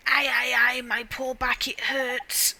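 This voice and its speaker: A woman's voice: sits high, flat delivery, slow, bright, forceful tone, heavily acted, poor audio. Woman doing a frail old man, half-whispered. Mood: weary. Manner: weary, groaning, half-whispered. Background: game music.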